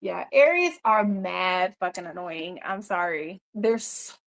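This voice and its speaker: A woman's voice: fairly low pitch, animated, a little slow. A woman hosting a casual livestream, rambling loosely with lots of swearing, laughter and "you know" fillers. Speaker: livestream host. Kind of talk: casual live-stream chat.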